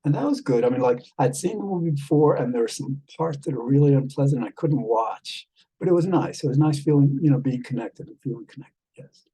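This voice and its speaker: A man chatting casually with an AI companion as a vlog host, rambling and halting with many fillers, tender with pet names. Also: mid-range voice, lively intonation, mellow, breathy edge, rough recording. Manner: tender, calls the listener love and darling.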